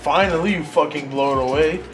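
Teasing male friend, a bit high-pitched, music behind. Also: fairly quick. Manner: teasing, repeats catchphrases. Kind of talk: casual banter.

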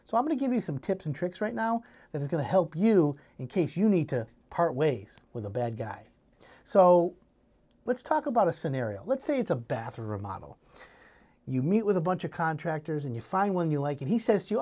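A man giving casual home improvement advice, telling scenarios in an animated way. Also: a little high, moderate pace. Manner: animated storytelling, acting out scenarios.

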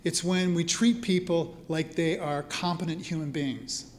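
His voice is on the high side, with fairly even intonation and a measured pace, and slight background noise comes through. The speaker, a priest who teaches spiritual care, chats through stories for a live audience in a church hall, frequently checking in with them.

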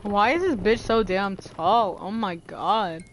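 A woman's voice: medium pitch, takes it slowly, slight background noise. A woman streaming a game live, chatting casually, swearing freely and laughing often. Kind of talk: casual gaming chat.

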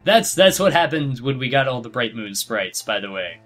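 A young man co-hosting a game playthrough, telling stories in a chatty, animated way with lots of fillers. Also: medium pitch, moderate pace, soft background music. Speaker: let's play co-host. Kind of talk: casual gameplay chat.

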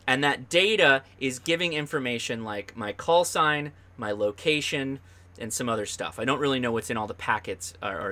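A man's voice: mid-range voice, sharp tone. A man hosting a live ham radio stream, explaining his gear in a chatty, upbeat way with loose restarts. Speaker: ham radio show host. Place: home radio station.

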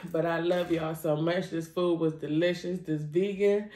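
A woman talks slowly and heartfelt into her camera, crying at times. Her voice sits a bit low and carries an echoey room around it. She cusses casually. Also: fairly even intonation, mellow. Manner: slow, heartfelt, cussing casually. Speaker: vlogger. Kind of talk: tearful personal vlog.

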